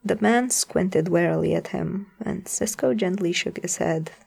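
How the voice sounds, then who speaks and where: A woman narrating fiction aloud, lingering over phrases in an expressive storytelling manner. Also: fairly low pitch, unhurried, creaky, slightly rough.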